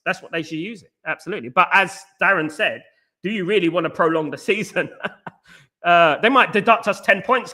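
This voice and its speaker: Man, London accent, fan stream host, bright forceful voice, slightly high, casual chat. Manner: casual, says big up and mate a lot.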